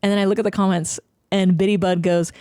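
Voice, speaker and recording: A woman's voice: mid-range voice, level tone, quick pace, mellow, dry recording, clean studio sound. A woman hosting a livestream, chatting casually with viewers, swearing freely and fussing over her pet. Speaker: livestream host. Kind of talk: casual chat with stream viewers.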